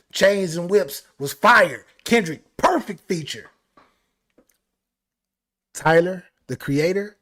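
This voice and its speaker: A man hosting a live album reaction stream, talking excitedly and repeating phrases. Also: on the high side. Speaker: music reaction host.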